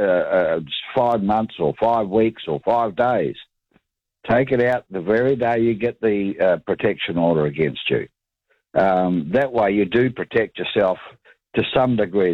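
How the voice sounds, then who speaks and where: Low-voiced caller on a tinny phone line. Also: male voice, no room sound. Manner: earnest, hesitant with repeated restarts. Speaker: radio caller. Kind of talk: phone-in chat.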